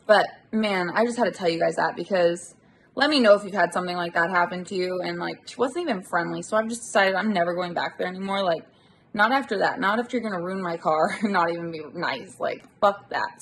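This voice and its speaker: Woman vlogger, mid pitch, gravelly; irritated casual rant to a handheld phone in a car. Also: brisk, fairly bright tone, slight background noise. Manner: irritated, ranting, swears casually. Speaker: delivery-driver vlogger. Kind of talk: casual chat to camera. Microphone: handheld phone camera.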